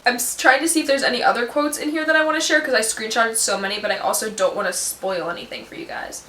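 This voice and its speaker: A woman's voice: on the high side, fairly even intonation, quick pace, slight background noise. Gushing young woman vlogger, echoey room. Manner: gushing, filler-heavy, reads quotes softly. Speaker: book vlogger. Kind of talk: casual vlog chat.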